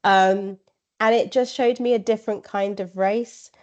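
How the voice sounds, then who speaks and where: A woman's voice: mid-range voice, steady tone, unhurried. Chatty woman, rambling. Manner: chatty, rambling, many fillers and quoted asides. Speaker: podcast guest. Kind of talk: casual interview chat. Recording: slightly dull lo-fi audio.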